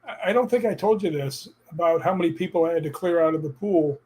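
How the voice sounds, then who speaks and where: A man telling personal stories in a casual chat, animated and laughing as he goes. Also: fairly high pitch, fast talker.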